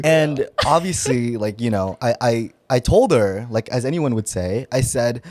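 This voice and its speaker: A young man co-hosting a podcast tells a story in casual chat. His pitch swings widely as he acts out his own nervous voice, and he laughs often. The sound is dry and close. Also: very animated, normal speed, no room sound. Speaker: podcast co-host.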